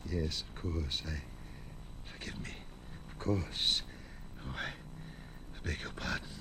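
An actor playing an anxious gentleman who coaxes and pleads in a stammering way in a radio play. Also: very deep voice, slow, noisy background. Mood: coaxing.

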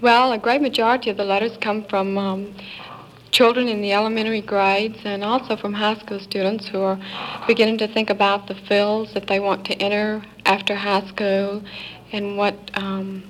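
A woman with a Southern American accent answering interview questions in a soft, unhurried way, with gentle laughs. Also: mid-range voice, flat delivery, a little hiss or hum, low-quality recording. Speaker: secretary to astronauts.

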